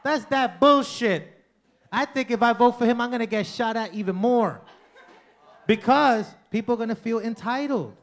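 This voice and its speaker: A man doing a stand-up comedy set in a club, loud and profane, working the crowd and mocking people with impressions. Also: extremely high pitch, normal speed.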